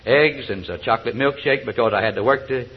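On a dull, lo-fi old recording, an older man from South Georgia, US, offers a joking personal testimony at a recovery meeting. His medium-pitched voice is slightly rough and a little fast, and his folksy storytelling is dotted with chuckles and hesitant fillers.

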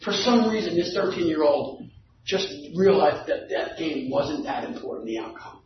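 A man with a high voice tells a lively story to a recovery group and climbs to shouting at the climax. He is caught from across an echoing meeting room on a dull, muffled recording with a faint hum of room ambience behind him. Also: moderate pace. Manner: animated, building to shouting at the climax. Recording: echoey room, distant dull mic.

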